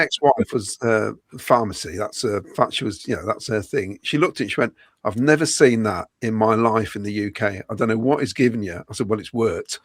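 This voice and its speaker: A man in middle age tells a long holiday story on a podcast, breaking into laughter as he goes. His voice sits at an ordinary pitch, and the sound is dry and close, with no room around it. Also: no room sound. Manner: storytelling, laughs often mid-sentence. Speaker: podcast host. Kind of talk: casual chat.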